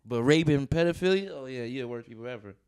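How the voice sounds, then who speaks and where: A young man co-hosting a comedy talk show, joking around casually, laughing often and slipping into quick voices. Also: medium pitch, clean tone. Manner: laughing, animated storyteller doing quick voices. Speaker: comedian co-host.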